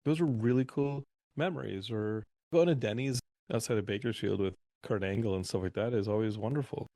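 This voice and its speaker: A man on a podcast as a guest, telling animated stories in a casual interview. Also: fairly low pitch, fairly quick, dry recording. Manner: animated anecdotal storyteller.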